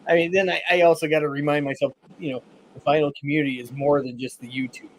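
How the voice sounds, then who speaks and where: A man's voice: fairly high pitch, flat delivery, fast, slight background noise, poor audio. A man in a casual podcast chat, speaking hesitantly with many fillers.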